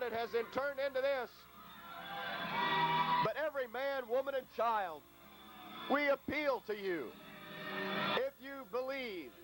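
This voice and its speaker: A hoarse man calling live play-by-play at a wrestling show, drifting into rambling asides full of fillers between the calls. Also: very high voice, poor audio. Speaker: wrestling commentator. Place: ringside at a local wrestling show.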